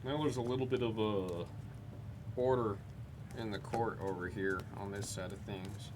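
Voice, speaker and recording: During a live card break, a man reads off player names one by one, mixing in loose, rambling jokes. His lowish voice keeps a moderate pace and fairly even intonation against background noise.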